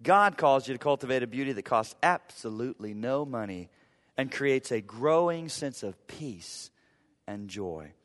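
A man's voice: mid-range voice, expressive, unhurried. A man preaching a sermon from the pulpit, talking conversationally and with emphasis, using humor and repeated phrases to drive points home. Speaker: pastor. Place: church sanctuary. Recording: long reverb of a church hall.

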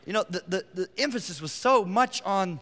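A middle-aged man preaching a sermon as pastor, emphatic, rising to near-shouts on his key points. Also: high voice, expressive, moderate pace. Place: church sanctuary. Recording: long hall reverb.

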